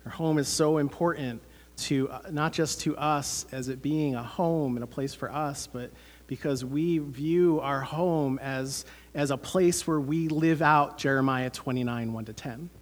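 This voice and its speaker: A man's voice: on the high side, a little slow. A man, preaching a sermon as pastor, earnest and conversational with many fillers.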